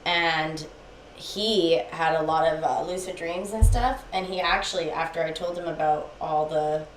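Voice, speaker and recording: Give me a young woman with a lowish voice, co-hosting a podcast and telling a story in casual chat. She acts out the other people's lines with animation. The room is echoey, with a faint hiss behind her. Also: a little slow. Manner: animated, acts out quoted speech. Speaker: podcast co-host.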